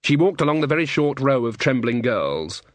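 A man's voice: mid-range voice, sing-song, moderate pace, no room sound. Wry male audiobook narrator, dry sound. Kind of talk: scripted narration.

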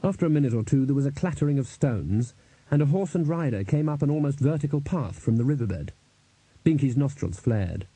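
A man narrating an audiobook in a dry, measured storytelling manner. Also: medium pitch, warm tone, breathy edge, no echo, rough recording.

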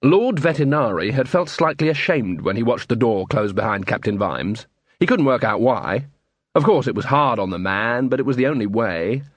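Male audiobook narrator, lively pitch, husky, dry booth sound. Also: moderate pace, no room sound. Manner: animated storytelling with many character voices.

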